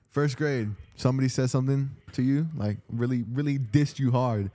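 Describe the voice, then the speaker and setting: Young male co-host, mellow relaxed voice, jokey casual banter. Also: medium pitch, a little slow. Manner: joking, laughing, repeats words. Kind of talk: casual chat.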